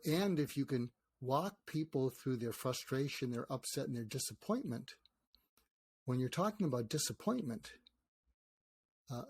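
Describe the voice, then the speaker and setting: Older man, animated storyteller, dry close mic. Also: medium pitch, breathy edge, dry recording. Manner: animated storyteller, acts out quoted dialogue. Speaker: guest psychiatrist and author. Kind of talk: conversational interview.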